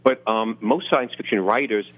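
A man's voice: lowish voice, normal speed. A middle-aged man from the Bronx with a New York accent, an author chatting casually and self-deprecatingly about his books in an interview, often restarting his sentences. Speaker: author guest. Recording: phone-line audio.

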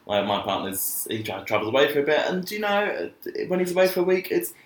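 Lively low-voiced man, roomy echo. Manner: lively, agreeable, quick to laugh. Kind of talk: casual chat.

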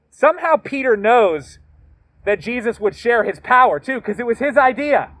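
High-voiced male pastor preaching conversationally. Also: expressive, normal speed, a bit bright. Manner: conversational, emphatic, slangy asides. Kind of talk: sermon.

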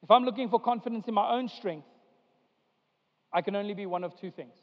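A male pastor delivering a sermon to his church, preaching with emphatic rises and slow, drawn-out lines. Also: high-pitched. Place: church sanctuary. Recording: dull sound with long hall reverb.

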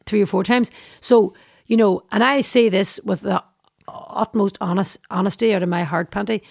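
A woman with a Derry accent, a guest telling lively stories in a casual interview, acting out quoted voices and saying "aye" a lot. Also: mid-range voice, normal speed, creaky, no room sound, clean studio sound. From Derry, Northern Ireland. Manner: animated storyteller, acts out quoted voices, says "aye" often. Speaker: guest actor and singer.

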